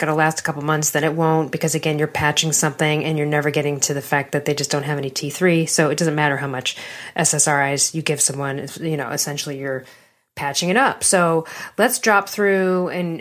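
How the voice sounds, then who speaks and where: Low-voiced woman hosting a chat. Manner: chatty, quick to laugh along. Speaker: podcast host. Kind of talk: casual interview talk.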